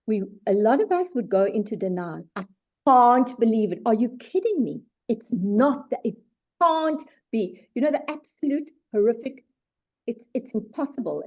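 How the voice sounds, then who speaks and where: A middle-aged woman, a psychologist giving a webinar talk in an animated, emphatic way with self-deprecating asides. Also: on the high side. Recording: dull lo-fi webinar audio.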